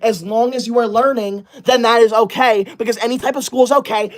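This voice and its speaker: Male streamer, comedic skit, prim and indignant, quick to snap and ban. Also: very high-pitched, steady tone. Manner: indignant, bossy, snaps at viewers and bans them; prim praise for good students. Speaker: livestreamer reading super chats.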